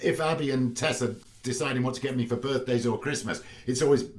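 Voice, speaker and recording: A middle-aged man chatting as a guest on a video call, telling family anecdotes in a relaxed storytelling way. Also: mid-range voice, fast talker, recorded from a distance. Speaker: actor guest. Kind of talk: casual video-call chat.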